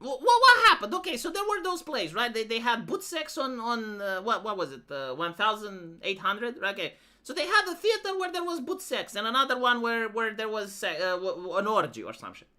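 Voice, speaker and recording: A woman's voice: fairly high pitch, sing-song, fairly quick, sharp tone. A woman streamer giving casual reaction commentary, ranting and swearing as she talks to her chat. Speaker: live streamer reacting to videos.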